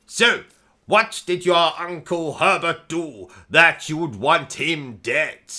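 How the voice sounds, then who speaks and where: A man's voice: a little high, slow pace, pushed and bright. A man hosting comic gameplay commentary, boastful, pompous and insulting. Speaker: gaming comedy host.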